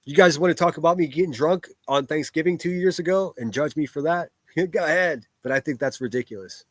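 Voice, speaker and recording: A man's voice: fairly high pitch, brisk, no room sound. Profane ranting man, dry close sound. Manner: profane, combative and blunt. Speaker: livestream drama commentator. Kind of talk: ranting livestream commentary, reading chat aloud.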